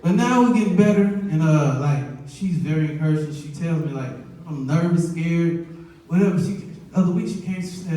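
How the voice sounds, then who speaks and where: A man in his thirties doing a stand-up comedy set, telling family stories in an animated way and laughing often. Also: on the high side, normal speed. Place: church hall stage. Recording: echoey hall, mic heard from far.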